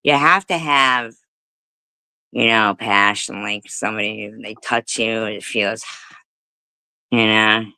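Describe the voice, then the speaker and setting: A woman's voice: very deep voice, slow pace, long pauses, pushed and bright, no room sound, poor audio. A middle-aged woman telling a rambling story in casual livestream chat, laughing often and swearing freely. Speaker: livestream host. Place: home livestream.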